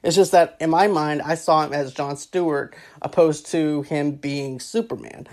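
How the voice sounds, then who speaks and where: A woman's voice: deep voice, moderate pace, darkish tone. A woman giving casual, rambling movie commentary, often repeating herself and stacking filler phrases. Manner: rambling, repeats "actually" and "go on ahead".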